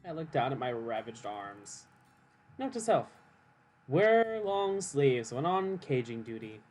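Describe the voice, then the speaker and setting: A man's voice: medium pitch, sing-song, unhurried, darkish tone. A man co-streaming a game, reading its text aloud and trading giggly, playful teasing with his partner. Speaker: let's play co-streamer. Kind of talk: casual gaming banter and reading game text.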